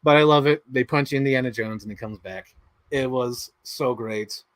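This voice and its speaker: A man hosting a livestream, chatting excitedly and rambling, swearing freely as he talks. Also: mid-range voice, normal speed, no room sound. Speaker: livestream host. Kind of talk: casual chat.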